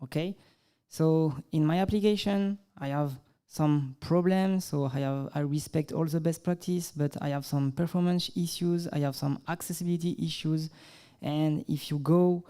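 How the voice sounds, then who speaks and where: A man's voice: fairly high pitch, fairly even intonation, moderate pace, hardly any pauses, dark tone, clean tone. A man from France with a French accent, giving a conference tech talk and demo, hesitant and apologetic with many fillers. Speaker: conference speaker. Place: conference hall stage.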